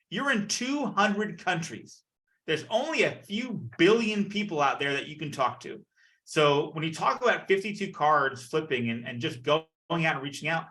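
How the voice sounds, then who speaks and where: A man coaching a business community on a video call, energetic and playful, acting out the people he quotes. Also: fairly high pitch. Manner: energetic, acts out quoted voices. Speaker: network marketing leader.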